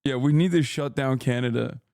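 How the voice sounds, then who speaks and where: A man's voice: mid-range voice, fairly quick, vocal fry, darkish tone, no room sound, clean studio sound. A man streaming live, reacting in casual chat, incredulous and profane as he reads out chat messages.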